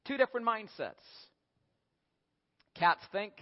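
A man delivers a sermon with animated, humorous storytelling. His voice sits high for a man. The recording is dull and lo-fi, with a long hall reverb. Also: slow. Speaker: preacher. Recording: echoey hall, dull lo-fi sound.

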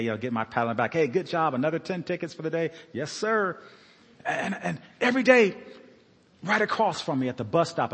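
A man shares a personal testimony from the pulpit, speaking earnestly and haltingly, often restarting his sentences. His voice is husky. It carries a long reverb from the church sanctuary. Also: medium pitch, a bit bright. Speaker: former police officer giving a sermon testimony.

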